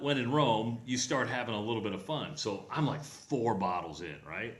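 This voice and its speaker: A man's voice: mid-range voice, moderate pace. Man telling a travel story, roomy sound. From Nebraska. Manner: animated storyteller, acts out quoted voices. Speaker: radio show co-host. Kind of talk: casual chat, storytelling.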